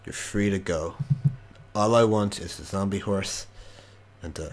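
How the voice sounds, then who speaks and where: A man's voice: sits low, a little slow. A man voicing a greedy, scheming male crime boss who swears and rants about lost money. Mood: irritated. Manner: angry then pleading, swearing.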